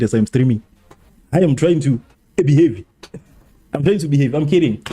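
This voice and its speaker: A man hosting a live football watchalong stream, chatting casually and animatedly with his viewers, repeating himself and joking. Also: fairly high pitch. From South Africa. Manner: animated, repetitive, joking with chat. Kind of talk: casual match watchalong commentary.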